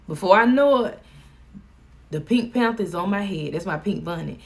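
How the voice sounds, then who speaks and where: A woman's voice: lowish voice, normal speed, creaky. A woman with a Southern US accent chatting casually on a live stream, folksy and joking. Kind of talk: casual chat.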